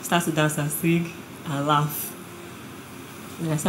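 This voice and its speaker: A woman in a church congregation sharing quietly and reflectively on a passed microphone. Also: deep voice, flat delivery, slow, a crowd in the background, rough recording. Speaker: congregation member. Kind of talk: sharing from the floor. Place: church auditorium, mic passed around.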